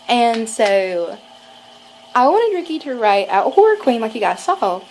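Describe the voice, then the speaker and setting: A woman's voice: mid-range voice, expressive, moderate pace, darkish tone, slight background noise, rough recording. A woman, telling a rambling story to camera at home with lots of fillers. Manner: rambling and chatty, with many fillers and restarts. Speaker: vlogger.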